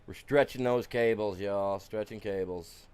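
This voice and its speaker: A male streamer talking his way through a farming game in an unhurried drawl. He chats casually with his viewers and keeps grumbling and cursing at the game when it misbehaves. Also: lowish voice, darkish tone, clear, resonant tone. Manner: grumbles and swears at the game, talks to chat. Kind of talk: casual live-stream commentary.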